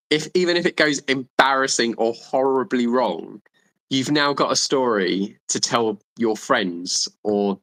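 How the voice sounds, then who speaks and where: Rambling, animated male guest. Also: lowish voice, poor audio. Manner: animated, rambling, many restarts and fillers. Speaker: dating and charisma coach guest. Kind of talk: casual podcast conversation.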